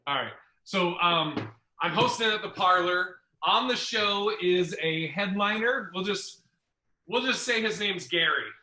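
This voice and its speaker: A man hosting a podcast, telling a comedy club story in a casual, profane, animated way. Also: high voice, reverberant, a little hiss or hum, low-quality recording.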